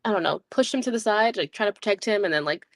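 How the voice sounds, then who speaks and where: A woman playing a tabletop game who talks in a relaxed, giggly way. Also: mid-range voice, quick pace, dry recording. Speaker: player. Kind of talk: casual tabletop play.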